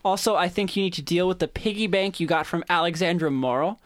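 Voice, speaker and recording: A man's voice: sits high, quick pace, no echo. A man hosting a tabletop-game podcast and running its game, reading listener letters aloud with asides and restarts on a close mic. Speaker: podcast host and game master. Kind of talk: reading listener mail, casual chat.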